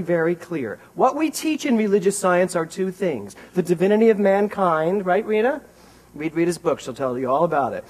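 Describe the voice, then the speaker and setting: A man giving a conversational sermon as a minister in a church, animated and wry, talking straight to his congregation. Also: high-pitched, breathy edge, low-quality recording.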